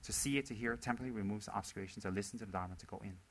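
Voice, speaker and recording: Bright-voiced man giving a dharma talk. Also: fairly low pitch, racing, low-quality recording. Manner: conversational and animated, mimics quoted voices, repeats words for emphasis. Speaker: Buddhist teacher.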